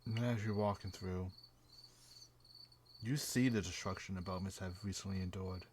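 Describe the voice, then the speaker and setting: A man running a tabletop game as game master, describing the scene slowly and haltingly, with fillers. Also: low voice, fairly even intonation, slight background noise. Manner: slow, hesitant scene narration with fillers.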